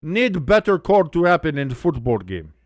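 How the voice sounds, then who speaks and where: A man's voice: a little high, very animated, moderate pace, no room sound. Guy doing a grumpy mock Eastern European man, clipped broken speech, dry close sound. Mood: indignant. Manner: clipped broken grammar, dropped articles. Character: gruff mock Eastern European man, grumbling about referees.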